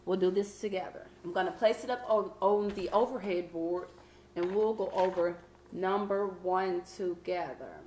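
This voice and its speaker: A woman teacher leading a vocabulary lesson, patient and encouraging, reading clues out slowly. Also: lowish voice, fairly even intonation, darkish tone, roomy sound, a little hiss or hum. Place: classroom.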